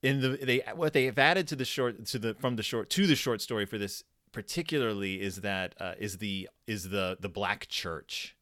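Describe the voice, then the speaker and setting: A man's voice: fairly low pitch, normal speed, hardly any pauses, fairly bright tone, no echo, clean studio sound. A man co-hosting a casual podcast chat, rambling with laughs and restarts. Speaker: podcast co-host. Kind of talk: casual chat reviewing a horror episode.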